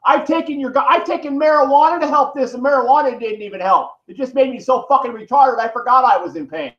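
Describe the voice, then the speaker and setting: A male vlogger in pain rants angrily at the camera in a very high voice, talking fast. His heated, profane tirade rambles all over the place. The recording sounds dull and lo-fi, with an echoey room.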